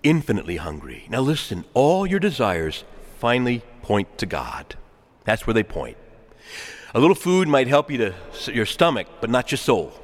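Man preaching in a large church hall, very expressive pitch, hushed to loud calls, reverb trailing. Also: moderate pace. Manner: dramatic swings between hushed and loud calls, asks congregation to respond. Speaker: pastor. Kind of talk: sermon.

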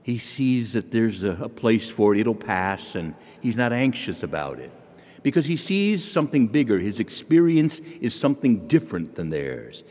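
A priest preaches to his congregation and tells stories in a relaxed, folksy way. His voice rises and falls in a lively sing-song. A long church reverb trails behind each phrase. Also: on the low side, moderate pace. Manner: folksy, storytelling with homely asides. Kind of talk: sermon.

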